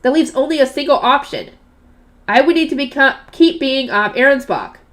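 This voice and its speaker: A young woman reading a novel aloud and breaking off into chatty, loud reactions and questions to her audience. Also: sits high, sing-song, moderate pace. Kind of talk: book reading with casual commentary.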